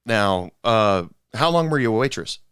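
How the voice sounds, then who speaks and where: A man hosting a podcast, telling stories in a relaxed, halting way with lots of ums and restarts. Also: fairly low pitch, smooth, dry recording, studio quality. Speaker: podcast host. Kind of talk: casual chat.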